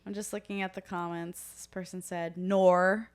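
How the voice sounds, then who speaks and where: A wry woman chatting on a podcast. She cracks quick jokes and then reads online posts and comments aloud in a plain, conversational way. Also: lowish voice, level tone, clear, resonant tone. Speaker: podcast co-host. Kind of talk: casual chat and reading posts aloud.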